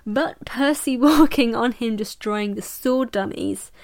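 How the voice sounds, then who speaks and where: A woman's voice: on the high side, a little slow. A young woman hosting a casual book review podcast, chatty and jokey, often breaking into laughter. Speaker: podcast host.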